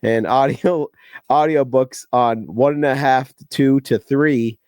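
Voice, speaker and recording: A man co-hosting a podcast in casual chat, animated and quick to act out loud quotes. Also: medium pitch, smooth, dry recording. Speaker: podcast co-host.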